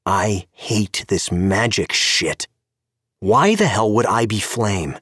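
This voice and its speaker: A man doing a gruff, sarcastic spymaster. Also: lowish voice, animated, takes it slowly, a bit bright, no echo, studio quality, exaggerated voice. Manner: snappish, sarcastic. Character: gruff, cynical male spymaster.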